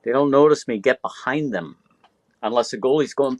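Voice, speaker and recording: A man's voice: mid-range voice, moderate pace, dry recording. A man in his sixties telling stories in casual chat, swearing freely and acting out what people said. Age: 60s. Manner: profane, animated storyteller acting out quotes.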